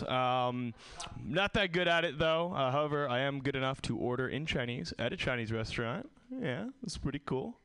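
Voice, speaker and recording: A man's voice: a little high, bright, forceful tone, clean tone, no room sound. A man doing awkward, self-deprecating, upbeat stand-up at an open mic on a stage mic. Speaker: stand-up comedian.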